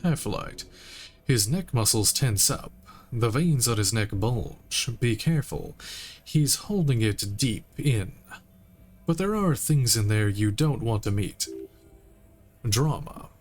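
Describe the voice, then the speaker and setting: A man streams a game and reads its dialogue and text aloud with a relaxed delivery. He speaks slowly into a streaming mic and drops in casual asides between the lines. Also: medium pitch. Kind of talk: reading game text aloud while playing.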